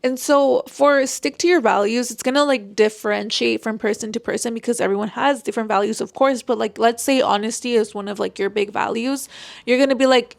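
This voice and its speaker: A woman's voice: fairly high pitch, brisk, gravelly, no echo. A woman chatting casually as she gives relationship advice, full of "like" fillers. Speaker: vlogger giving relationship advice.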